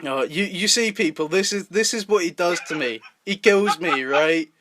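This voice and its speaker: A Scottish man in a loose, joking podcast chat, with a voice that sits a little high. He laughs often and swears freely as he tells his stories. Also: normal speed, sharp tone, a little hiss or hum. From Scotland. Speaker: podcast co-host. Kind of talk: casual chat.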